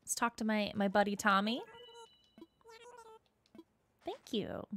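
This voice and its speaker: A woman's voice: medium pitch, expressive, slow, slight background noise. A young woman giving casual gameplay commentary, bubbly and gushing, with lots of filler words. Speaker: gaming YouTuber. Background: soft game music.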